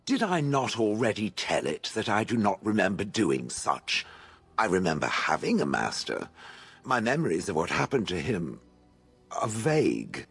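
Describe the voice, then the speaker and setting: An actor playing a haughty, aloof male stone golem in a game, speaking with posh, husky dryness. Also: fairly low pitch, very animated, moderate pace, fairly bright tone, soft background music, exaggerated voice. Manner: posh, refers to others as "it". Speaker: game character. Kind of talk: voiced game dialogue.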